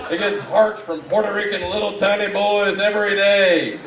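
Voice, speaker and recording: A man delivering a live comedy roast set in a mocking, rambling way, with sudden loud outbursts. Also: sits high, normal speed, hardly any pauses, a faint crowd. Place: live event room. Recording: echoey room, distant mic, audible background.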